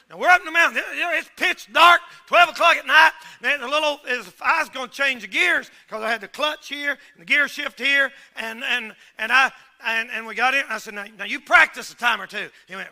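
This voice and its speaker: A man, a pastor preaching a storytelling sermon in a folksy, rambling way that breaks into shouts. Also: very high-pitched, a little fast.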